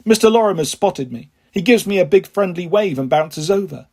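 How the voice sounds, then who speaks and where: A man reads a children's novel aloud, telling it steadily in the first person. His voice is husky and breathy and sits high for a man. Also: expressive, fairly quick, a little mellow. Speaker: audiobook reader.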